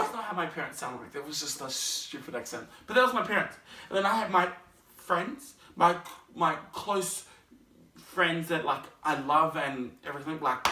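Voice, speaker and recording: A young man vlogging, telling a personal story in an animated way, acting out scenes and other people's voices. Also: fairly high pitch, normal speed. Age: young adult. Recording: roomy, mic at a distance.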